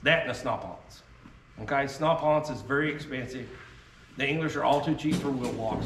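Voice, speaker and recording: A man with a medium-pitched voice speaks at normal speed, giving a casual, joking history talk to an audience as a presenter on historical arms. He's a folksy storyteller who keeps wandering off on tangents. The sound is noisy, with an echoey room, a distant mic, and faint ambience.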